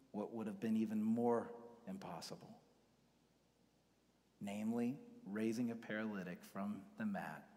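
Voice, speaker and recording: Low-voiced preaching man, hall reverb. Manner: conversational preaching, dropping to hushed whispers for emphasis. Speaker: pastor. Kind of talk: sermon.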